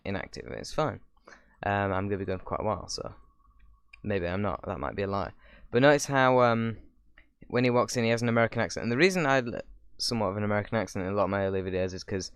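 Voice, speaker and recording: A man's voice: on the low side, smooth, no room sound. A young man hosting his channel, giving rambling casual reaction commentary with sarcastic asides. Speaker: YouTuber host.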